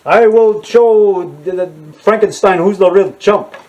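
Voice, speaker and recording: A man's voice: high-pitched, muffled recording, pitched above the performer's own voice. A man doing a blustering, boastful dictator. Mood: boastful, threatening. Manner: slow, loud, pompous declaiming. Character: boastful male dictator and ex-boxer, blustering and threatening.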